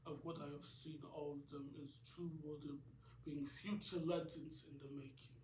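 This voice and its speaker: A man's voice: on the high side, flat delivery, moderate pace, very noisy, lightly acted. A man voices a wise music master who speaks earnestly and respectfully. It is amateur cartoon voicing. The sound is roomy and distant. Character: wise male music teacher, earnest and deferential. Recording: roomy echo, distant mic.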